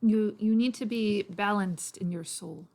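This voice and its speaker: A woman's voice: medium pitch, a little slow, darkish tone, natural voice. A woman voicing a persistent male dwarf cleric, preaching in a put-on Irish brogue. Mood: preachy. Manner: insistent, recruiting.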